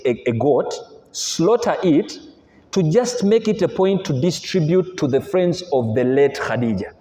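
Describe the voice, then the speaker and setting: Animated preacher in an echoey hall. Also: male voice, high-pitched. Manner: animated storytelling, mixing languages, rhetorical questions. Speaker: Islamic preacher. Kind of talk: sermon retelling stories. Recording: echoey hall with long reverb.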